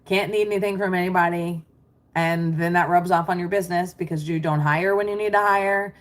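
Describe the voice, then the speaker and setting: Talking directly into her computer mic, a middle-aged American business coach with a lower-pitched voice answers livestream viewers as she reads the chat. She is brisk, chatty and reassuring, keeping her intonation fairly even.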